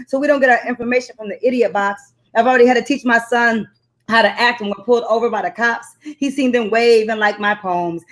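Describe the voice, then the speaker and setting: A woman poet who recites spoken-word poetry with repeated refrains, then talks earnestly and reflectively as an interview guest. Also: a little high. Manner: earnest, reflective conversational talk.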